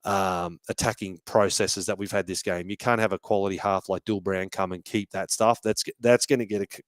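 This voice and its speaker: A man's voice: low-pitched, fairly even intonation, fairly quick, no room sound. Aussie guy hosting a footy podcast, swears a lot, trips over his words, dry close sound. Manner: emotional, swears freely, many restarts. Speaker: podcast host. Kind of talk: casual fan podcast chat.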